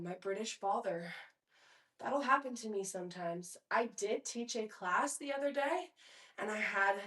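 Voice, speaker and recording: A woman's voice: mid-range voice, fairly bright tone. A young woman guides a mat pilates workout, counting down reps and tossing in encouragement while she is audibly short of breath. Her voice sits mid-range and sounds a little distant from the mic, with noticeable echo off the room. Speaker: pilates instructor.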